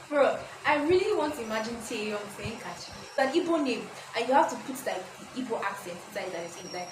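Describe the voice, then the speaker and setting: Animated woman vlogger reading her fanfic. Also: a little high, a little fast, hardly any pauses. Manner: animated, breaks off to react and joke, swears casually. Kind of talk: reading her own fan fiction aloud with commentary. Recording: roomy echo, distant mic, noisy.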